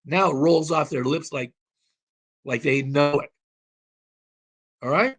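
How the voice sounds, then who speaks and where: A man's voice: on the high side, slow, fairly bright tone. A man talking as a call-in show guest, explaining at length in an emphatic, rambling way and swearing now and then. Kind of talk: casual explanatory talk.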